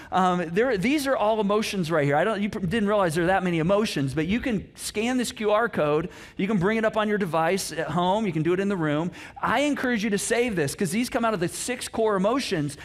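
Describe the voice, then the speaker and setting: A man preaching a conversational sermon as a pastor, acting out inner dialogues with easy laughs. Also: sits high. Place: church auditorium.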